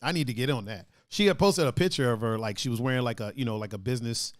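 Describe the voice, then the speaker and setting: A man co-hosting a casual podcast, joking around, laughing often and slipping into quick mock voices. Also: mid-range voice, no echo, clean studio sound. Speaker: podcast co-host.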